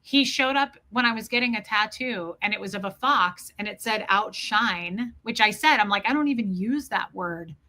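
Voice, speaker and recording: A woman's voice: mid-range voice, normal speed, hardly any pauses, sharp tone. A woman hosting a live stream, telling a personal story in an earnest, casual way and greeting viewers by name.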